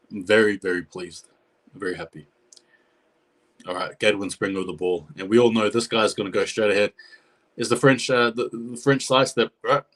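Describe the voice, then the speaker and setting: A man with a somewhat low voice calls a rugby league match live for his viewers. He talks casually and chattily, and he gets excitable as the play unfolds. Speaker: live reaction host. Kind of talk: live match reaction commentary.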